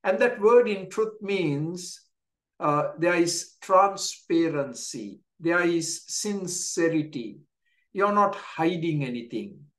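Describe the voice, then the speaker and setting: A male pastor giving a daily devotional sermon, speaking deliberately and repeating key phrases for emphasis. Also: fairly high pitch, expressive, a bit bright. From Canada.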